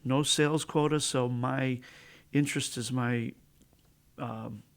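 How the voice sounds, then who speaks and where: Gravelly-voiced easygoing man guest. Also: medium pitch, steady tone, takes it slowly. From northern Minnesota. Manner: easygoing, hesitant with fillers, soft-spoken. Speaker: insurance agent guest. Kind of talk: casual interview chat. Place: community radio studio.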